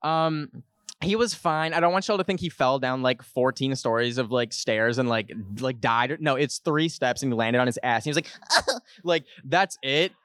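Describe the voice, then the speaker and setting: A young man hosting a podcast, telling a comic story to a live audience in an animated, jokey way. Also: moderate pace, clean tone, dry recording, studio quality. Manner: animated, jokey, puts on high voices for quotes. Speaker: podcast host.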